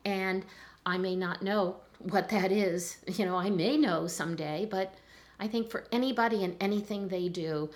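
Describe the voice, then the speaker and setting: An older woman, a chiropractor, talking in a relaxed interview and telling stories with lively acted-out voices. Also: medium pitch, normal speed. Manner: animated storyteller, acts out voices in anecdotes. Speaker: chiropractor guest. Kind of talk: conversational interview.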